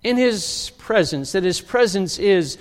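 A man preaching a sermon as pastor, emphatic, swinging from loud outbursts to quiet, drawn-out lines. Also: sits high, lively intonation, in a large hall.

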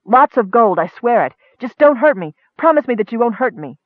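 A man's voice: big pitch swings, brisk, dry recording, phone-quality sound. A man voicing a frightened woman soldier begging for her life, in an audiobook. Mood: pleading. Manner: shrill, begging and panicky. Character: terrified pleading human woman soldier.

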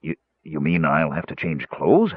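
Man playing an anxious big warrior, plaintive tone, low husky voice, dry tinny sound. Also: very animated, unhurried, no room sound, full character voice.

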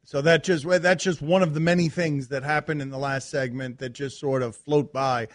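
A man's voice: medium pitch, steady tone, normal speed, no room sound. Dry, rambling sports radio host man. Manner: rambling, exasperated, sarcastic. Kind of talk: casual sports talk chat. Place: radio studio.

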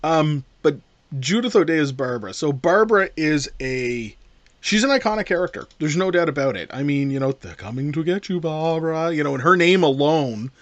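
A man co-hosting a casual talk show, rambling and animated as he discusses a film. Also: fairly high pitch, brisk, dry recording, highs cut off. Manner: animated, rambling with restarts and playful impressions. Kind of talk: casual chat about a film.

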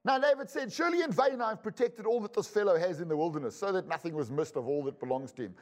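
A high-pitched man delivers a sermon in a conversational way. He reads long scripture passages and slips in wry asides to his listeners. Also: expressive, fast talker. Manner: conversational preaching with joking asides. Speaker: pastor and Bible school teacher.

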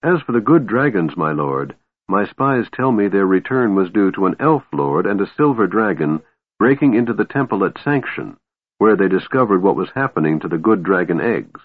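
A man voicing a cold, scheming female warlord who speaks coolly and smoothly. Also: on the low side, very animated, normal speed, no room sound. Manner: cool, cutting, smooth. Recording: narrow phone-like sound, dry.

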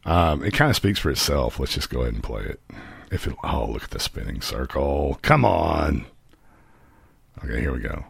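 A man's voice: a bass voice, very animated, moderate pace, creaky, husky, no echo, clean studio sound. A man hosting a live stream, giving sarcastic, mocking commentary on clips. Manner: mocking, sarcastic, laughs at own jokes. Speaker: host.

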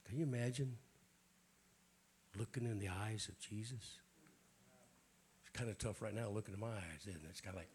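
A man, a bishop, preaching a sermon at a church prayer night in a raspy voice with folksy jokes and frequent throat clearing. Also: fairly low pitch, normal speed, long pauses, a little mellow. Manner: folksy, joking preacher talk.

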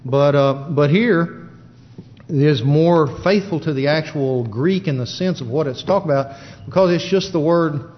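A man giving a plain-spoken Bible teaching in a halting style with many fillers, recorded in a church. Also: fairly high pitch. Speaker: preacher. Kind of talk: sermon. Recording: dull lo-fi church recording with long reverb.

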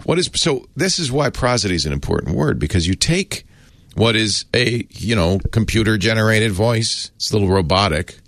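A man's voice: fairly low pitch, expressive, moderate pace, a bit bright, no echo. A man hosting a casual explainer, talking in a chatty, wry way that often trails off and restarts. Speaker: host explaining a word of the day.

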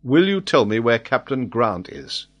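A man's voice: mid-range voice, big pitch swings, a little slow, a bit bright. A man reading the part of a grave male nobleman pressing a prisoner for answers, in a storybook reading.

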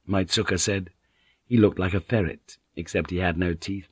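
A man reading a novel aloud as a narrator, measured and even. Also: low voice, breathy edge, no room sound. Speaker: audiobook narrator. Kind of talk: scripted narration.

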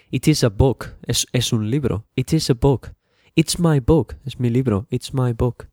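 Casting: male teacher, slow patient drilling, dry close mic. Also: fairly low pitch, a little mellow, no echo. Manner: slow, repetitive drilling, switching to Spanish translations. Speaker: English teacher. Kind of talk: bilingual English lesson podcast.

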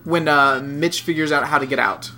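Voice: mid-range voice, steady tone, moderate pace, sharp tone. A podcast co-host chatting casually about a film, enthusiastic and giggling often. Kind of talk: casual chat reviewing a film.

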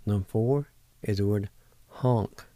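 A middle-aged man hosting a language lesson, spelling words letter by letter and repeating each one slowly. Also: on the low side, mellow, dry recording. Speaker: radio host teaching words. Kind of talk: slow word-by-word language lesson.

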